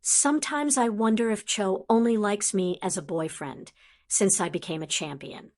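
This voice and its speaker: A woman's voice: mid-range voice, moderate pace, darkish tone, lightly acted. A woman doing an easygoing teenage boy.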